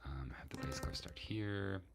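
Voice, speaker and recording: A man's voice: sits low, a little slow, creaky. A man composing music and thinking aloud, muttering to himself and humming melodic lines on "da".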